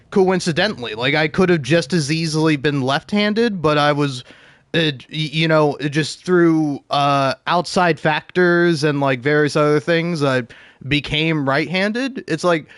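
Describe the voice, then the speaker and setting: A man's voice: a little high, fairly bright tone, no room sound, clean studio sound. A man in his twenties rambling in casual commentary over gameplay, stammering and chuckling often. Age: 20s. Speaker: gaming commentator.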